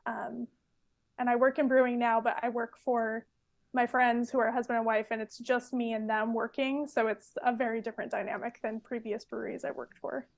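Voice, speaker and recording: Podcast guest: woman, 20s, from California, fairly high voice, chatty and casual. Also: moderate pace, creaky. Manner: chatty, fillers and laughs, relaxed storytelling. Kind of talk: casual interview chat.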